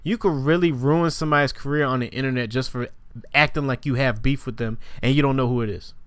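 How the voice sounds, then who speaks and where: Smooth-voiced man in casual music chat. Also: medium pitch, fast talker, no echo.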